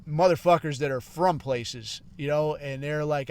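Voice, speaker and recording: Ranting casually on his podcast, a middle-aged man swears heavily and peppers everything with "dude" and "bro." His slightly high voice is expressive, moving at a normal pace.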